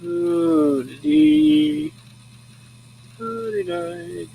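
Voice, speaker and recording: A man's voice: a little high, big pitch swings, extremely slow, vocal fry, dark tone, soft background music, low-quality recording. A young man hosting a show, chatting casually and chuckling as he rambles through his old photos. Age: young adult. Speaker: host. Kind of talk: casual chat showing photos. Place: rural home.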